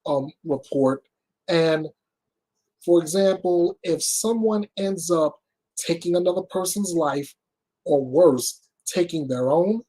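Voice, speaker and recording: Delivering crime reports with deliberate emphasis, this male news host speaks in a husky, slightly high voice. His commentary is blunt and unsoftened.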